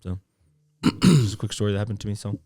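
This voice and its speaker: A man's voice: lowish voice, fast talker, dark tone. Casual young man telling a story. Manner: loose storytelling full of fillers and quoted voices. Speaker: podcast co-host. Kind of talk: casual podcast chat.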